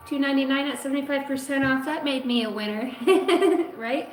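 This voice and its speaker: A woman's voice: high voice, a little fast, a little hiss or hum. A woman in her thirties doing a casual livestream card reading, bantering playfully with viewers and swearing freely. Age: 30s. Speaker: tarot and oracle card reader. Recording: echoey room with faint background music.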